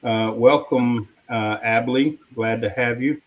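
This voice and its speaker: A man co-hosting a talk show, speaking in a halting way with many fillers in a casual discussion. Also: medium pitch, fairly even intonation, muffled recording. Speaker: co-host.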